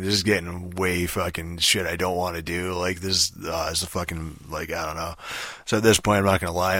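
A young man rambles through a casual rant in a deep, sharp-toned voice, swearing constantly and filling gaps with "like" and "you know." There is no room sound.

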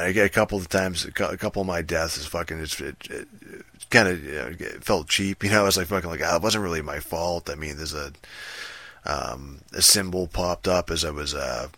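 A man's voice: very deep voice, moderate pace, sharp tone, dry recording. A man giving a casual, profane, rambling rant about a video game, full of fillers and laughs and with some sarcasm. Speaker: gamer giving a game review.

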